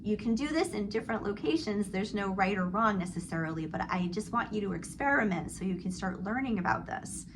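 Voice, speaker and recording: A middle-aged woman vocal coach teaches a singing lesson, demonstrating vowel slides and sighs and then calmly explaining technique between the sung exercises. Her medium-pitched voice moves fairly quickly with hardly any pauses, over background noise.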